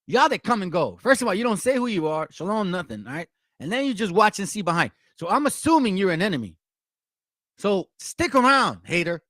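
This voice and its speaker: A man's voice: high voice, sing-song, fairly quick, a bit bright, dry recording, studio quality. A man, hosting a blunt, confrontational and profane commentary for viewers. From Mexico. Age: 40s. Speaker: channel host.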